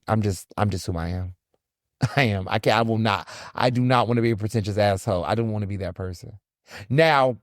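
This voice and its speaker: A man from the American South hosts a solo podcast of casual commentary, talking bluntly and animatedly, swearing freely and acting out encounters. His voice is mid-range, with clean studio quality and no echo.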